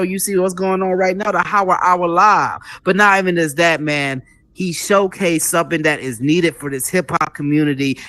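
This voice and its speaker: A young man hosting a live show in a casual monologue, animated and repetitive, hammering his points home and calling his listeners "folks", a little out of breath. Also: high-pitched, dry recording. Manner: animated, repetitive, preacher-like emphasis, calls the audience "folks".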